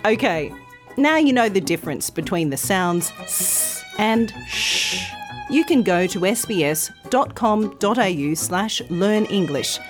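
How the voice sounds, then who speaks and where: Slow, lively woman teaching. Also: mid-range voice, soft background music. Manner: slow, careful, clearly modelled sounds. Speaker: pronunciation teacher, host. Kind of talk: scripted lesson narration.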